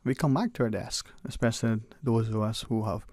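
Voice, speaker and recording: A man's voice: lowish voice, steady tone, brisk, a little mellow, no room sound. A man hosting a call-in radio show in an easygoing, chatty way, often restarting his sentences, recorded on a close studio mic. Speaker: radio talk show host. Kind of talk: casual call-in radio chat.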